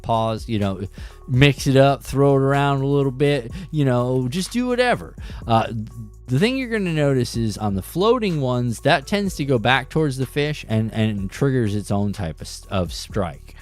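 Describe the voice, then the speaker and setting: A man's voice: mid-range voice, lively intonation, moderate pace, faint music behind. A man hosting a live fishing show from his desk, talking casually through lures and restarting his sentences. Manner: chatty, explains with stops and restarts. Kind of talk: casual live-stream tackle talk. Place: home desk.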